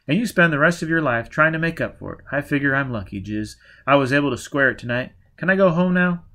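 A man reading an audiobook, voicing a nervous retired crook who talks in a gruff, blustering way. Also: fairly high pitch, lively intonation, quick pace, pushed and bright, pitched above the performer's own voice. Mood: weary.

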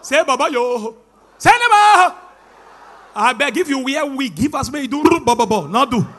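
A young Nigerian man doing animated stand-up comedy, mixing in pidgin and shouting his punchlines. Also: very high-pitched, fairly quick.

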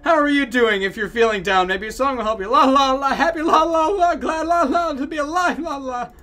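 A man's voice: sits high, fast talker, sharp tone. A man voicing a relentlessly cheerful happy buddy with exaggerated sing-song enthusiasm.

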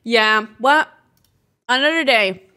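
A woman with a high voice chatting her way through a video game stream. She talks to the game and to herself as she plays, exclaims often and slips into playful drama. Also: slow pace, music in the background. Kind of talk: casual let's-play commentary.

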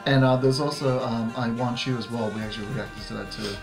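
A man's voice: medium pitch, steady tone, fairly quick. A man co-hosting a music video reaction, talking in an easygoing, filler-heavy way and wrapping up with channel plugs. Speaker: YouTube reaction co-host. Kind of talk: casual reaction chat. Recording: music video playing loudly behind.

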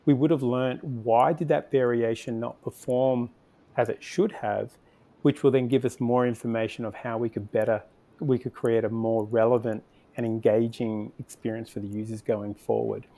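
Mellow-voiced man answering interview questions. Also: medium pitch, fairly even intonation, moderate pace, vocal fry. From Australia. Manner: thinks aloud with frequent restarts and fillers. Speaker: podcast guest, conversion optimization agency founder.

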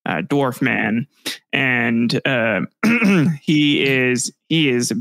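A man's voice: medium pitch, expressive, gravelly, a bit bright, no echo. Young man running a tabletop game. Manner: casual, halting, laughs at his own descriptions. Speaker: game master.

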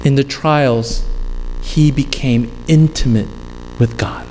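A pastor preaching a sermon in an emphatic cadence that rises and falls. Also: male voice, mid-range voice, steady tone, slow pace, a little mellow. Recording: long hall reverb, faint noise.

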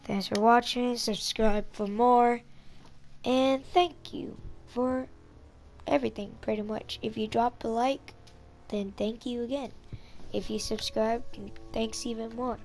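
A young woman commentating her own shooter gameplay, sick and with an upset stomach, yelling in frustration and then calming down. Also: a little high, measured pace, faint music behind. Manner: yells in frustration, then calms down. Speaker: gaming YouTuber.

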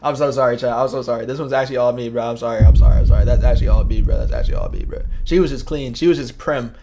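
Gravelly young male streamer. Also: medium pitch, expressive, racing, a little mellow, faint music behind. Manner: slangy, joking, muttered asides. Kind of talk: casual livestream commentary.

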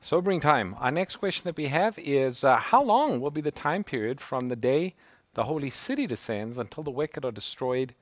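A man's voice: medium pitch, lively intonation, normal speed, no echo. A man, a pastor co-hosting a Bible show, who reads out viewer questions in a friendly way. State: out of breath. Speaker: pastor and co-host.

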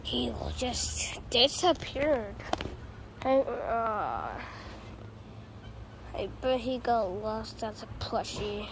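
A woman narrating playful toy play in a silly, repetitive way over steady background noise. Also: on the high side, drawn-out words, vocal fry, pauses often. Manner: silly and repetitive, chanting phrases. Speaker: vlogger playing with plush toys.

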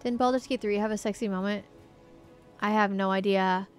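A woman's voice: mid-range voice, fairly even intonation, normal speed, clear, resonant tone, soft background music. A woman live-streaming a game from her home setup on a foam-covered desk microphone, chatting casually and cooing at her pet in baby talk. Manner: chatty, talks to chat between game moments. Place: home streaming room with a green screen.

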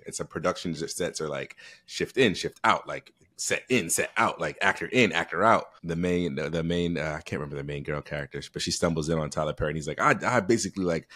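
A man co-hosting a podcast in casual chat, halting and full of restarts and fillers, with relaxed slangy talk. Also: sits low. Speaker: podcast co-host.

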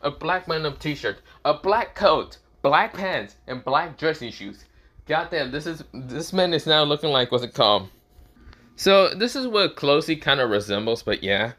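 A man's voice: fairly high pitch, expressive, moderate pace, bright, forceful tone. A man casually retelling a fan story, rambling and swearing, laughing at his own lines.

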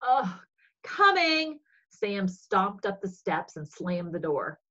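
Woman storyteller for kids' faith class, expressive, breathy, slightly dull sound. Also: fairly low pitch, takes it slowly. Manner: expressive, animated reading. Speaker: religious education storyteller. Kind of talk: reading a children's story aloud.

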